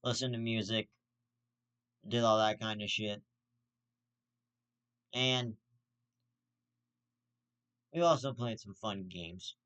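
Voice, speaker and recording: A man's voice: lowish voice, slow, pauses often, a bit bright, clear, resonant tone. Profane, ranting young-sounding man. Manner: heated, profanity-heavy, repetitive restarts. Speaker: host of a commentary vlog.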